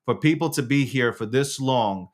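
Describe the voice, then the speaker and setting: A man hosting his own casual livestream show, rambling and profane, quick to get worked up. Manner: rants loudly with sharp pitch jumps. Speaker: host.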